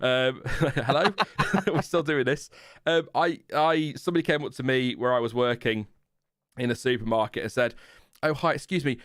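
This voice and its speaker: A man from Lincolnshire with a Lincolnshire English accent, hosting a live stream in casual chat, self-mocking and quick to laugh. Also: medium pitch, a bit bright, clean tone, dry recording, clean studio sound. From Lincolnshire, England. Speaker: livestream host.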